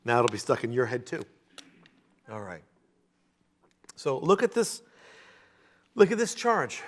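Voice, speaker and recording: A man teaching a verse-by-verse sermon, animated, with jokey asides. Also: mid-range voice, a little slow. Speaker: Bible teacher.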